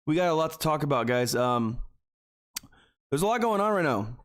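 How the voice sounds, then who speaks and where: A Texas man hosts a live stock trading stream, chatting casually and earnestly with viewers and rambling while repeatedly calling them "guys." His voice sits on the high side with big pitch swings at a normal speed, and he comes across as openly emotional.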